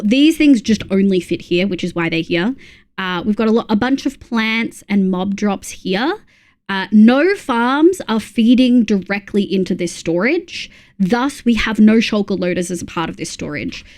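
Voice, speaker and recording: A woman's voice: medium pitch, animated, a little slow, darkish tone. An Australian woman streaming, giving casual, rambling commentary while playing, with plenty of fillers and restarts.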